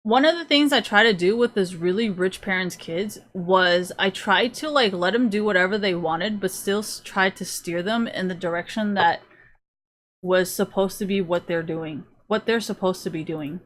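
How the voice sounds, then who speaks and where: A woman's voice: medium pitch, normal speed. A young adult woman livestreaming a casual rant, blunt and profane, full of fillers, acting out the people she quotes. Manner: animated, acts out quoted kids and parents. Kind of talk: casual ranting chat.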